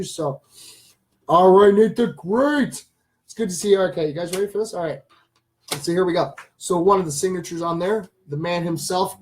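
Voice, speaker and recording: A man hosting a casual live stream, rambling enthusiastically to his viewers and addressing them as ladies and gentlemen. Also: high voice, poor audio. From Canada. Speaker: channel host.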